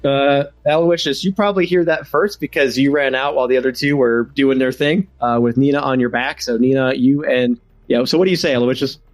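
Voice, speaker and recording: A man's voice: medium pitch, fairly even intonation, a little fast, no room sound. A man narrating as game master of a tabletop role-playing game, casual and laughing often.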